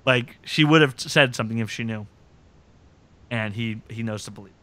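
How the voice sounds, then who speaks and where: Man, podcast host, bright voice, dry close sound, animated scene recap. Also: medium pitch, normal speed, no room sound. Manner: animated storytelling, quotes scenes with relish. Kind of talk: casual recap chat.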